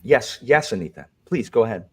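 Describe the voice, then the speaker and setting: A man's voice: medium pitch, animated, brisk, dark tone, breathy edge. A man hosting a video call chat in a stiff, overly proper and polite manner. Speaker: host.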